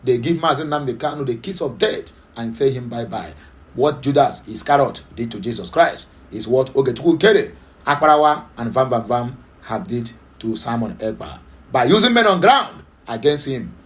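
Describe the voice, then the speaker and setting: A man's voice: medium pitch, lively intonation, normal speed. A man with a Nigerian accent giving impassioned political commentary, emphatic and repetitive, with frequent fillers and rhetorical questions. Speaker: political talk show host.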